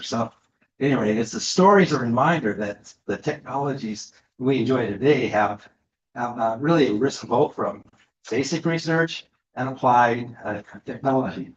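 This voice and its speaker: Man lecturing with many fillers, echoey hall. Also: medium pitch. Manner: hesitant, many fillers and restarts. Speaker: guest speaker. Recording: echoey room, slightly dull sound.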